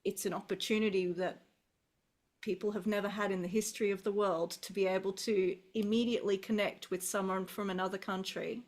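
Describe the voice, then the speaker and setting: Aussie lady teacher on a zoom call, middle-aged, thinks out loud, keeps restarting. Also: mid-range voice, brisk. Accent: Australian. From Australia. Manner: relaxed, thoughtful, musing with restarts. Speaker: English teacher guest. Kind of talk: casual video call conversation. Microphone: video call.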